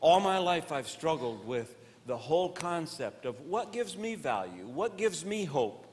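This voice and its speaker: Animated male stand-up comedian on stage. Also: on the high side, a little slow. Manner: chats with the crowd, questioning audience members; shifts between earnest preaching and loud comic bits. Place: stage before a live audience. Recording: long hall reverb, faint noise.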